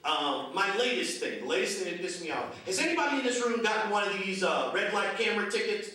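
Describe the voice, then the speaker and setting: A man's voice: high voice, big pitch swings, moderate pace, hardly any pauses, sharp tone, heavy reverb, recorded from a distance. A man doing a stand-up comedy set at a memorial show, ranting in a profane, grumpy way.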